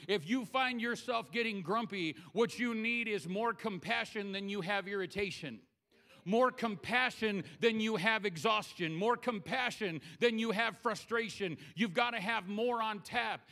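Guy pastor preaching, pretty high voice, bright, jokey and conversational. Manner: conversational and humorous, acting out scripture scenes. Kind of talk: sermon.

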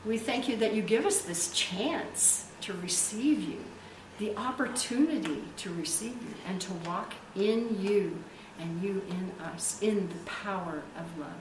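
A woman's voice: mid-range voice, measured pace, hardly any pauses. A woman pastor preaching a sermon and leading prayer, emphatic and stretching key words for effect. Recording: echoey room, distant mic, faint hiss.

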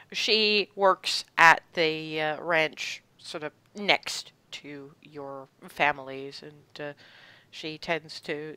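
A woman narrating a tabletop game as game master, unhurried and searching for words as she describes the scene. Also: low voice, sharp tone, clear, resonant tone, no echo.

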